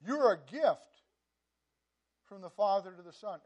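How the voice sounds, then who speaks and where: A man preaching a sermon in a conversational way, often repeating words and saying "you know", swinging between loud emphasis and quiet asides. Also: sits high, animated, a little slow. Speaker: pastor.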